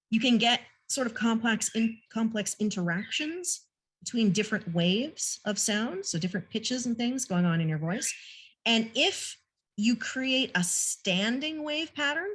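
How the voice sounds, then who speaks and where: A woman's voice: on the high side, fairly bright tone. A woman gives an online training talk from her home, explaining with easygoing, self-deprecating asides. Her voice reaches the listener through a video call. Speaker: naturalist presenter. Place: home room with a pet bird nearby.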